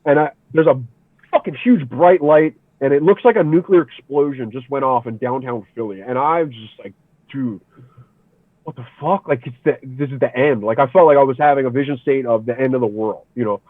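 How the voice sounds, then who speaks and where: Casual male podcast guest from the Philly area, animated storyteller, swears and says "dude" a lot, tinny dry phone-line sound. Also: medium pitch, brisk, no echo. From Philadelphia area.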